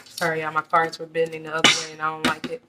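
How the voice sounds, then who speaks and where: A woman's voice: deep voice, monotone, fast, very noisy. A woman giving a casual tarot reading straight to her viewers, earnest and repetitive, often restarting her words. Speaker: tarot reader.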